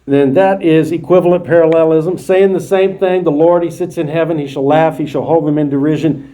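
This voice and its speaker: High-voiced man teaching a Bible class. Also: mellow. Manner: explains verses plainly, restating them in his own words. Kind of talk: verse-by-verse Bible study lecture.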